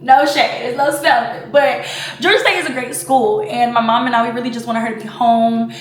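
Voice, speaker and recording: A woman in her twenties vlogs in a reverberant space, her voice on the high side, a little fast, with fairly even intonation. She gets emotional and fights back tears during the casual personal chat, using lots of fillers like "like" and "you know."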